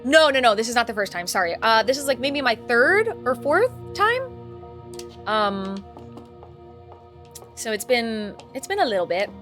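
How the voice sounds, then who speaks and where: A young woman streaming a game and chatting casually with viewers, loud and playful, swinging from yelling to soft asides. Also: fairly high pitch, sing-song, measured pace, long pauses, soft background music.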